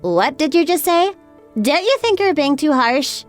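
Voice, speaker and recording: A woman's voice: sits high, sing-song, unhurried, faint music behind. A woman voicing a stressed, defensive young mother in a dramatized story. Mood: upset. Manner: pleading, defensive.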